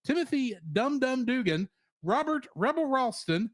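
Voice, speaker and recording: Lively high-voiced man reviewing cartoons. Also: moderate pace, no room sound, studio quality. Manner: animated, laughs often, trivia-heavy. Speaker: podcast co-host. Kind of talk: casual review chat.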